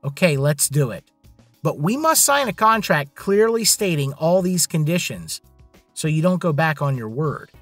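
A man voicing an angry, proud young woman heiress with sharp, indignant retorts. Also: a little high, sing-song, moderate pace, dry recording, soft background music. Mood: firm.

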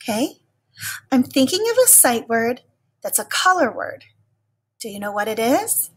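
Woman teacher for a kids' lesson; slow, encouraging delivery with a slightly raised, husky tone. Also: fairly high pitch, very animated. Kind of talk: recorded lesson for young children.

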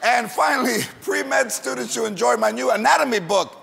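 A man hosting a late-night talk show, joking brashly with sudden shouting bursts in a studio before a live audience. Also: very high-pitched, normal speed, gravelly, slight background noise. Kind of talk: comedic monologue and interview. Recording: roomy studio with audience and music.

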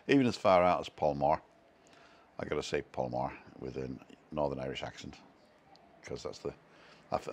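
A man with a bass voice hosts a casual live stream, joking at his own expense and reading viewer comments aloud from home.

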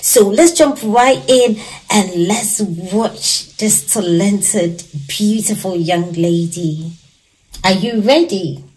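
A woman's voice: mid-range voice, slow pace, a little mellow. A woman hosting a reaction video, giving casual, gushing and admiring commentary. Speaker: reaction channel host. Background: faint music.

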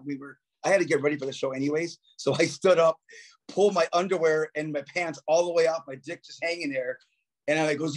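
A man's voice: a little high, brisk. A man, a musician guest on a podcast, telling profane stories in casual chat and acting out quotes with laughs. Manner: profane storytelling, acts out quotes, laughs often.

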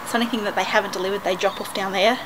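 An Australian woman filming a casual unboxing vlog at home, gushing with excitement, gasping and squealing as she talks to a handheld camera. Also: medium pitch, racing. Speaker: vlogger. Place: at home, partly outdoors by the driveway. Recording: noisy home camera recording.

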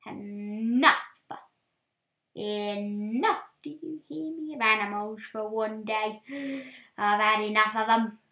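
A woman hosting a let's play with gameplay commentary, excitable and swinging from quiet muttering to loud shouts. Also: medium pitch, normal speed. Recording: roomy echo.

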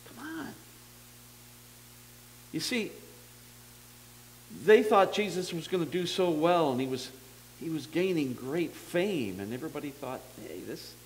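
A male pastor preaches in an easygoing, conversational way, swinging his pitch up and down as he tells the story and drops in jokes at his own expense. A faint hum sits under the recording. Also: low-quality recording. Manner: conversational, folksy storytelling that acts out dialogue; self-deprecating humor. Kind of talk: sermon.

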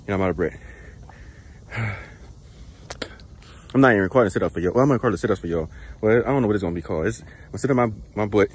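A man's voice: fairly low pitch, rapid-fire, breathy edge. Breathless young man vlogging his workout. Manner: slangy, rambling, laughs at himself. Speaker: truck driver vlogger. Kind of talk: casual workout vlog chat. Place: outdoors in a truck parking lot.

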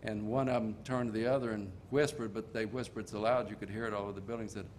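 Older preacher telling folksy stories. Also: male voice, on the low side, fairly even intonation, slight background noise. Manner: folksy storytelling preaching, slowing for emphasis. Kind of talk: sermon.

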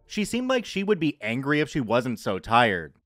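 A man reading a scripted horror story aloud at a steady, measured pace. His voice sits in a middle register, close and dry, with soft music playing under the narration. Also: mid-range voice, no echo.

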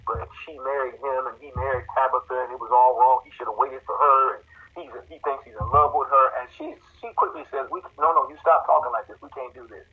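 A man's voice: mid-range voice, husky. A man recounting a story in conversation, emphatic, often restarting and repeating his words as he acts out what others said. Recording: phone-like lo-fi line.

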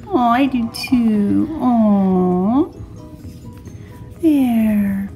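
A woman unboxing and playing with a baby doll, cooing and soothing it in a gentle mommy voice. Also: a little high, extremely slow, soft background music. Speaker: toy reviewer.

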